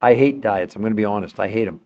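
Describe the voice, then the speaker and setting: An emphatic man talks straight to his livestream viewers, pressing every point and repeating words as he goes. His voice is dark and mellow, and it sounds strained from overuse. The recording is dull and lo-fi. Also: fairly low pitch, quick pace, slight background noise. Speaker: podcast host. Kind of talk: impassioned livestream talk to viewers.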